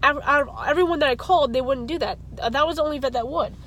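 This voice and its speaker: A woman vents in a casual vlog with a fairly high voice, rambling and restarting as her frustration shows. Car and street noise run clearly beneath her, as if she is recording in or near a parked car outdoors. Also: fast talker, fairly bright tone, low-quality recording. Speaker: vlogger. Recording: traffic and car noise behind. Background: car and street ambience.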